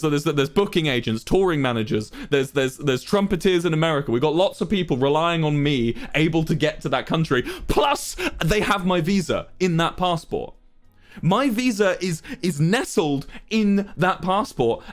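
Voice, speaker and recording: A young man from England, a streamer, telling a frustrated story to his chat in a casual, ranting way, swearing and mimicking the people he dealt with. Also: a little high.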